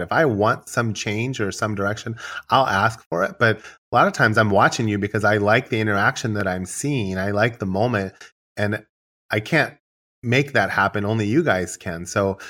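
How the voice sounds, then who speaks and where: Low-voiced man telling wedding shoot stories. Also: brisk. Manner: relaxed, rambling storyteller who acts out his own dialogue. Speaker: wedding photographer. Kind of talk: casual podcast conversation.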